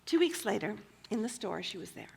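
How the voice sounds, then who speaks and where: Chatty woman with a creaky, husky voice. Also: medium pitch, sing-song, brisk, darkish tone. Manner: chatty, with frequent fillers. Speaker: speaker at a church women's gathering. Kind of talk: personal storytelling talk.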